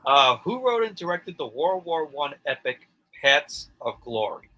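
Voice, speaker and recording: A man's voice: a little high, big pitch swings, a little slow, pushed and bright, rough recording. A man acting as quizmaster, reading trivia questions in a plain, matter-of-fact way during casual chat.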